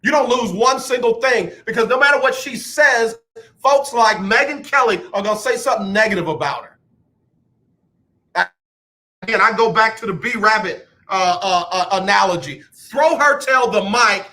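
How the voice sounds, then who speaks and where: A man's voice: high voice, expressive, moderate pace, pushed and bright. A man hosting a sports talk radio show, ranting emphatically about athletes and the media and taking callers. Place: radio studio.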